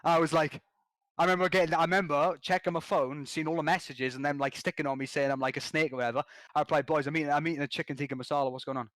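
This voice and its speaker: Male podcast guest, lively slangy storyteller, higher voice. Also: no room sound. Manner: excitable, slangy, quick restarts. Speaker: podcast guest, competitive gamer. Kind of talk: animated storytelling.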